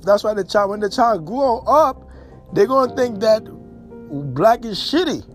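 A man from Haiti speaks in a blunt, casual monologue. His voice sits high, and he hammers points by repeating them. Faint music plays underneath. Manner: blunt, emphatic, repeats himself for stress. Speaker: commentator. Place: New York and elsewhere in the States.

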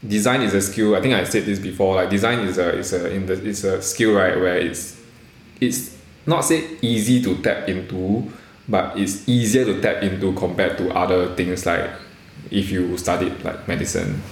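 A young Singaporean man talks in a casual, rambling way, full of fillers, restarts and blunt swearing. His voice sits fairly low. The sound is echoey, as if taken in a bare room. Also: fairly even intonation, moderate pace. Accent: Singaporean English. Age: young adult. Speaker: podcast co-host. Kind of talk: casual chat.

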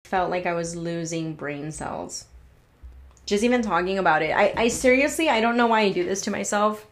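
A woman's voice: mid-range voice, normal speed, soft background music. A woman hosting her own podcast, ranting in a casual, exasperated way, swearing freely and restarting her sentences. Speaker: podcast host. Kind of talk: casual solo podcast rant.

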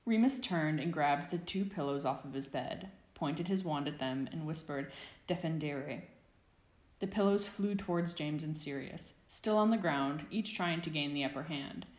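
Woman narrating a story, low voice, steady expressive reading, echoey room. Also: moderate pace, few pauses. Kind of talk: fan fiction audiobook narration.

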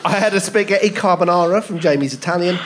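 A man's voice: high voice, fast talker, very noisy. A man playing a smug, gloating version of himself in a live comedy sketch. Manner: smug, gloating, mock-bigoted delivery.

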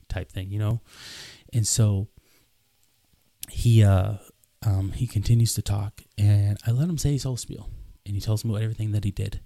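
A man's voice: fairly low pitch, steady tone, moderate pace, mellow, dry recording. A man in his twenties telling a story in an earnest, casual way, often repeating himself and acting out what was said. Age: 20s. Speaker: podcast host.

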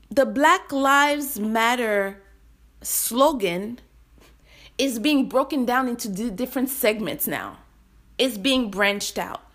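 A woman's voice: on the high side, fairly bright tone. A young adult woman giving impassioned personal commentary, heated and blunt, swearing freely.

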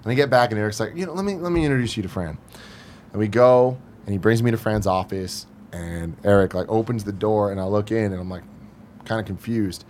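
A man's voice: lowish voice, a little fast, slight background noise. A young man telling a story in casual podcast chat, swearing freely and acting out the people he quotes. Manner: profane, animated, acts out quoted people. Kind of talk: casual storytelling among friends.

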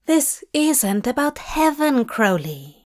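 A woman's voice: high voice, sing-song, slow, a little mellow, pitched above the performer's own voice, exaggerated voice. A woman voicing a fussy, earnest male angel who stammers and pleads in a storybook reading. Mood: flustered pleading.

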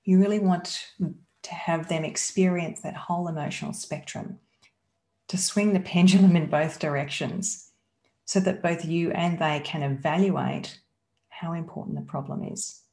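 A woman's voice: deep voice, steady tone, normal speed, mellow. A woman, teaching as a business coach in an emphatic, coaxing way and asking rhetorical questions. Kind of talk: teaching talk. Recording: roomy echo.

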